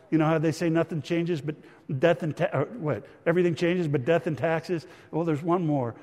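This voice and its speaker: A man's voice: fairly high pitch, a little mellow. A middle-aged man preaching a sermon, telling a family story and calling the listeners friends. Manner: storytelling, acts out a child's voice in quotes, addresses listeners as friends. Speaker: pastor. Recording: reverberant church hall.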